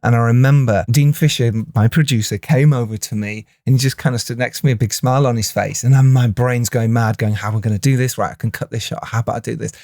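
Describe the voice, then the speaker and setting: A man, a film director co-hosting a podcast, telling stories in animated casual chat and laughing often. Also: mid-range voice, fast, hardly any pauses, no room sound, studio quality. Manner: animated storyteller, laughs often, restarts phrases.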